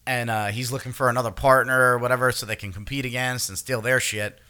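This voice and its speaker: A man with a very bright, forward voice chats casually about a series he watched. He retells scenes with animated energy and acts out his own reactions, swearing freely as he goes. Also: mid-range voice, fast talker, clear, resonant tone. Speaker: podcast co-host. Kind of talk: casual chat recapping a series.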